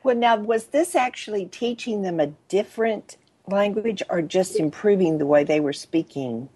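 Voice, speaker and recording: Interviewer, Texan woman, husky, slightly low, drawn-out vowels, dry sound. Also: warm tone, no echo. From Texas. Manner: drawls, asks questions, brief backchannels.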